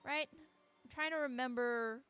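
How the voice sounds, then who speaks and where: A woman's voice: high-pitched, measured pace, a bit bright, smooth, soft background music. A woman giving casual commentary as she plays a horror game, with wry, sarcastic asides. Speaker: let's play streamer.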